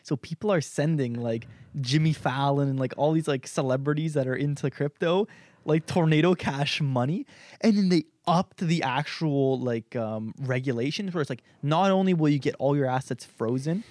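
Slightly high-voiced casual male podcaster. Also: normal speed, darkish tone, dry recording, studio quality. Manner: casual, swears, reacts with short interjections. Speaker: podcast co-host. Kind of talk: casual chat.

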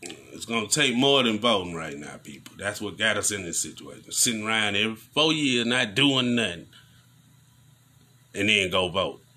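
A man giving casual news commentary on a vlog, preaching in animated rants full of slang. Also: on the low side, moderate pace.

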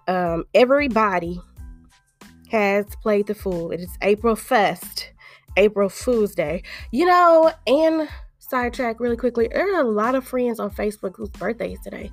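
A woman in her thirties hosting her podcast in a chatty, playful way, full of jokey asides. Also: mid-range voice. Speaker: podcast host. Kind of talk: casual chat.

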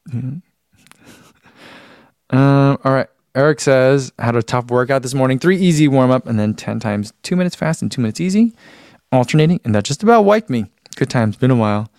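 A man hosting a casual live stream, rambling and laughing at himself as he reads out viewer comments. His voice has a gravelly, creaky edge and sits at an ordinary pitch. The sound is dry and close, with no room echo. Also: a little mellow. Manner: rambling, self-deprecating, laughs often.

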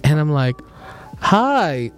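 A man's voice: on the high side, very animated, takes it slowly, soft background music. A young man hosting a podcast, animatedly telling a dream story with laughs, casual chat among friends. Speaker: podcast host.

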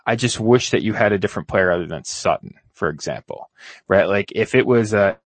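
Low-voiced man weighing a trade aloud. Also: fairly quick, dry recording. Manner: thinking aloud, hesitant restarts. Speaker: podcast co-host. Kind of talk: casual fantasy football discussion.

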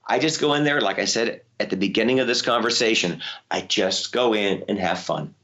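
A man who works as a voice actor, telling lively stories in an interview, his voice leaping high when excited. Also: fairly quick. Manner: animated storyteller, voice jumps high when excited. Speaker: voice actor guest. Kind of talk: interview conversation.

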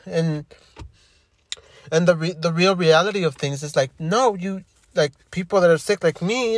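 A man in his fifties talking in an emotional monologue, halting and repeating himself, frustrated and upset. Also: sits high, no echo. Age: 50s.

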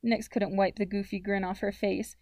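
Calm woman narrating a story, dry booth. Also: mid-range voice, moderate pace, no room sound. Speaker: audiobook narrator.

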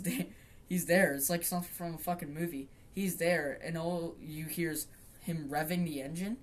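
A man's voice: on the high side, slight background noise. A young man hosting a podcast, telling a story casually in a rambling, profane way, full of fillers and restarts. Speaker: podcast host.

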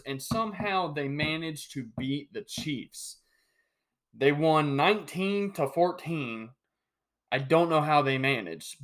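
Young man, podcast host, animated, joking, stumbles and restarts, mid-pitched voice. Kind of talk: solo sports podcast monologue.

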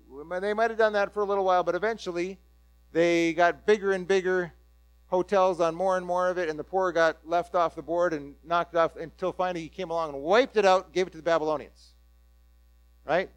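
A man delivers a sermon as a lively story, rising into excited bursts as he acts out the crowd. His voice sits high for a man, and the sound is dry and close with a low mains hum beneath it. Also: a little fast, clean tone, no room sound. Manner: animated storytelling, voicing the crowd's reactions. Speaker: preacher.

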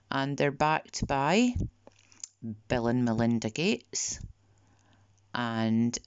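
A woman delivering a podcast monologue in a slow, deliberate way, sometimes dropping to a near whisper. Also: rumbling low, a little mellow, clear, resonant tone, no echo. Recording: dull, lo-fi dry recording.

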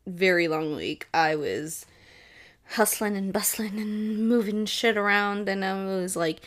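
A woman's voice: mid-range voice, measured pace. A young woman hosting a casual solo podcast from home, rambling, laughing often and swearing freely. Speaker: podcast host. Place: home room with air conditioner.

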